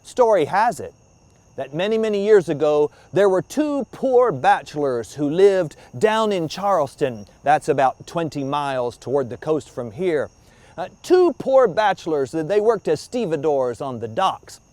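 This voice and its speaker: A man spins ghost tales with a dramatic touch, dropping to a hush at times. His voice sits a little high and sounds close and dry. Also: animated, measured pace, no echo. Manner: dramatic, hushed in places. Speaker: storyteller. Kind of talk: ghost story telling. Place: outdoor graveyard.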